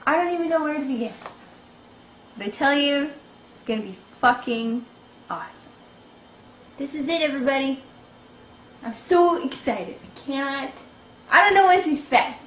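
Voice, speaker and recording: A high-voiced woman hosts a gaming video, her pitch leaping all over as she reacts. She swears freely and shrieks at the screen. The room is echoey, with game music playing loudly behind her. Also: animated, normal speed, long pauses, slight background noise. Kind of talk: excited let's-play commentary.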